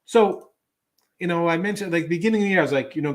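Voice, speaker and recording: A man's voice: on the high side, animated, fast. A middle-aged man hosting a sports betting show, talking casually in a rambling way with lots of fillers and restarts.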